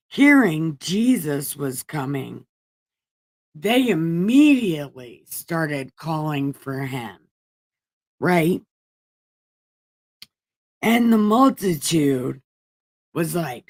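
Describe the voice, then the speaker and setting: A woman's voice: deep voice, sing-song, extremely slow, long pauses, darkish tone, no echo. A woman hosting a livestream, reading scripture aloud in an irreverent, casual way and breaking off for profane, wisecracking asides. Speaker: livestream host. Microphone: home streaming setup.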